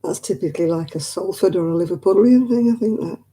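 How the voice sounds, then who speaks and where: A woman's voice: mid-range voice, fast talker, dark tone. A woman hosting a craft livestream, chatting casually and rambling with her live viewers and laughing easily. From northwest England.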